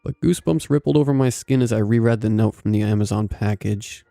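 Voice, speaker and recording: A man narrating a scripted first-person story in a measured, even way. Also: lowish voice, vocal fry, no echo, clean studio sound, faint music behind.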